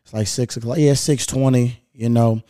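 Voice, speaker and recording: Brief: male podcast host from Louisville, Kentucky, laid-back, swears a lot, mellow tone, dry sound. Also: medium pitch, moderate pace, no echo. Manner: laid-back, profane, animated storytelling. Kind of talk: casual solo storytelling. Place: at home.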